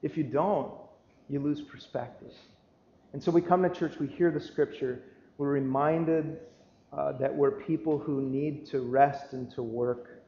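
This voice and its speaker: A man's voice: a little high, steady tone, a little slow, mellow, a little hiss or hum. A man preaching a sermon as pastor, telling a story in a conversational way, full of restarts. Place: church sanctuary. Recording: echoey church livestream, dull lo-fi sound.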